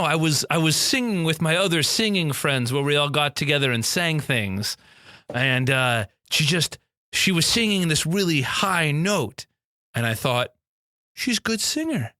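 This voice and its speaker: Goofy lively podcast man. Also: on the high side, unhurried, no echo, clean studio sound. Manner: goofy, playing dim and rambling. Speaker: podcast co-host. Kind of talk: improv comedy podcast.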